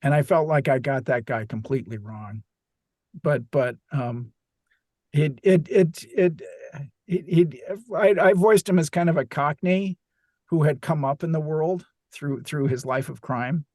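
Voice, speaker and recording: A man's voice: a little high, measured pace, a little mellow, dry recording. Thoughtful man, dry close sound. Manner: thoughtful, searching for words with frequent restarts. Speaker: audiobook narrator. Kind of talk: casual podcast chat.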